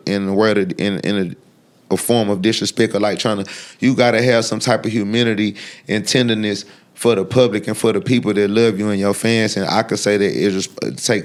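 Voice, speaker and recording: Blunt, profane man rambling. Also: fairly low pitch. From Texas. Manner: blunt, profane, rambling with many restarts and fillers. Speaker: guest. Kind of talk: unfiltered sit-down interview talk.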